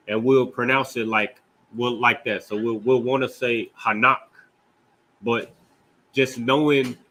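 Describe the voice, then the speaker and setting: A man with an American accent teaches a scripture language class in a relaxed, conversational way. His voice sits at an ordinary middle pitch. He keeps asking "right?" and slows down to pronounce words carefully. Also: rough recording. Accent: American English. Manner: loose, conversational, with frequent "right?" and "you know what I mean?".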